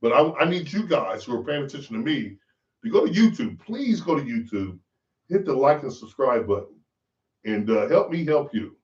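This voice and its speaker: A man's voice: mid-range voice, very animated, normal speed. A man hosting a podcast, delivering a profane, preachy ranting monologue. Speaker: podcast host. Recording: roomy, distant, dull lo-fi sound.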